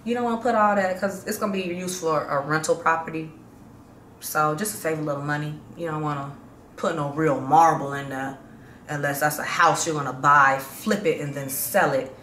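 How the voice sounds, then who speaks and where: A woman's voice: deep voice, steady tone, normal speed, a bit bright. A woman from Chicago talking casually to her viewers in a slangy, chatty vlog update that gets hyped up. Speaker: vlogger. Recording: roomy echo, faint background hum.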